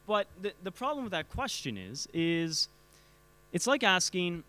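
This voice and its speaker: Halting, chatty man teaching a church group. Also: sits high, sing-song, sharp tone. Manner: halting, repeats words, asks the audience questions. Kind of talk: casual teaching talk.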